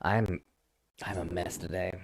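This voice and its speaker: A man's voice: low-pitched, fairly even intonation, unhurried, noisy background. A man chatting casually on a live stream through a headset mic, rambling, swearing offhandedly and poking fun at himself.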